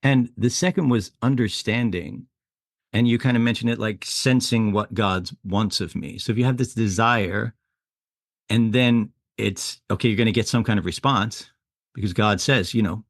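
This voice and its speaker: A man's voice: fairly low pitch, normal speed, no room sound, studio quality. A man hosting a podcast, explaining ideas casually and acting out inner thoughts in quotes. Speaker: podcast host. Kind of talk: conversational podcast discussion.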